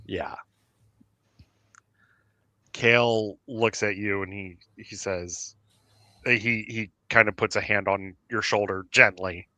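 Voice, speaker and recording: A man narrating as game master for a tabletop game, halting and filling pauses as he goes. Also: fairly low pitch, steady tone, bright, forceful tone, no room sound. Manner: halting, full of fillers and restarts.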